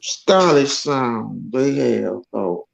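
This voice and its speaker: A woman's voice: a bass voice, expressive, drawn-out words, gravelly, husky, lo-fi sound. A woman from Georgia with a Southern accent, chatting easygoingly and murmuring agreement. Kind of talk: casual group chat.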